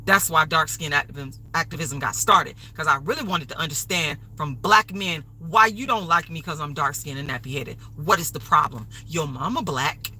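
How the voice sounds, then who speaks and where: A woman's voice: sits low, normal speed, few pauses, bright, forceful tone, a little hiss or hum, rough recording. A woman hosting a livestream, delivering an angry, profane, repetitive rant. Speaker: livestream host.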